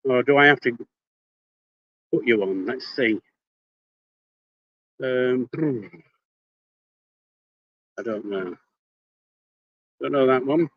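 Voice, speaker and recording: An older Yorkshire man talks bluntly and casually into his phone, cursing freely. The sound is dry and close, a little dull in the highs. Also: slow pace, long pauses, no room sound. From Yorkshire, England. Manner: blunt, swears casually, speaks before thinking. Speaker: livestreamer. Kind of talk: casual live-stream chat. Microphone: phone held in hand.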